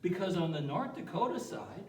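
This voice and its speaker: A man's voice: high voice, very animated, moderate pace, roomy sound, recorded from a distance, slight background noise, poor audio. A man teaching a playful, chatty geography lesson who keeps asking his audience questions. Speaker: science educator.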